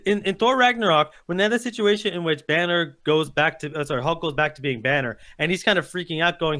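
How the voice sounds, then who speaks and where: A man's voice: a little high, fast talker, hardly any pauses, bright, forceful tone. A man co-hosting a podcast, arguing in an impassioned, profane rant during a casual debate. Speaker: podcast co-host.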